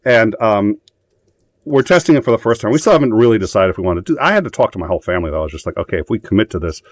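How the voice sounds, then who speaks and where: A man's voice: lowish voice, lively intonation, very fast, no echo. A man hosting a live show, telling a story in rambling, profane casual chat full of fillers. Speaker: host.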